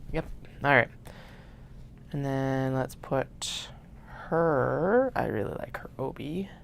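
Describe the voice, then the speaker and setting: A woman hosting a craft livestream, chatting casually and muttering soft half-whispered asides to herself while she cuts fabric. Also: rumbling low, expressive, takes it slowly, vocal fry, slight background noise.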